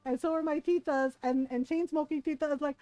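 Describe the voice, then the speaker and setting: Woman streamer spinning a story, high voice, dry close sound, keeps saying right?. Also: brisk, no echo, faint music behind. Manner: lively storyteller who keeps asking "right?". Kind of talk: casual storytelling chat.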